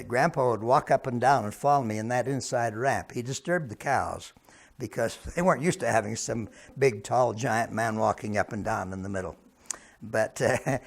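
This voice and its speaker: A man's voice: mid-range voice, gravelly. A man recalling his grandfather in an amused, folksy way. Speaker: grandson, former dairy farmer. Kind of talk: oral history reminiscence.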